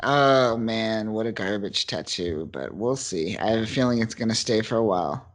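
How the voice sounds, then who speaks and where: A man's voice: on the low side, lively intonation, moderate pace. Upbeat man hosting a comics podcast. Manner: enthusiastic, hesitant with many ums and uhs. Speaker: podcast host. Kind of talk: casual comic book review chat.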